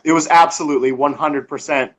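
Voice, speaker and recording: A man co-hosting a casual chat, speaking slowly and bluntly with halting restarts. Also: fairly high pitch, fairly even intonation, a bit bright, poor audio. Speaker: co-host.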